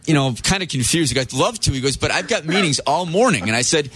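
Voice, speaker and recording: Fast-talking man telling an anecdote. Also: on the high side, expressive, fairly bright tone, slightly rough. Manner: brisk, quoting others in a running story. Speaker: radio co-host.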